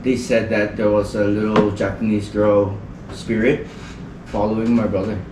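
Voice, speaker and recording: This man from the Northern Mariana Islands is a podcast guest rambling through a story in casual conversation, with "like" used heavily as filler. His low-side voice is flat at a moderate pace, recorded roomily from a distant mic over a noisy background.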